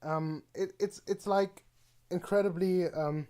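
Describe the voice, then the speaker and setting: A man's voice: sits high, fairly even intonation, a little slow, mellow, clean tone. A man streaming live, reacting to a video with rambling, mocking commentary, full of fillers and laughs.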